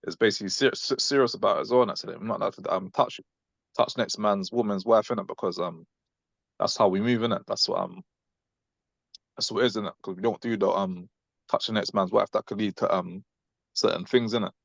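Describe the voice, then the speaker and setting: A man's voice: on the low side, steady tone, a little fast, creaky, dry recording. A young British man telling a story on a casual group call, rambling and full of fillers, tagging "innit" onto his lines. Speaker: class member recounting an encounter. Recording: dull lo-fi audio.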